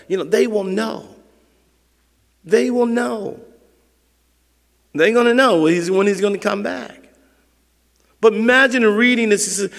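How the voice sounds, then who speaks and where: High-voiced preaching man in a hall. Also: moderate pace. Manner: emphatic, conversational preaching with acted-out quotes. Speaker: pastor. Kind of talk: sermon. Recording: long reverb of a large hall.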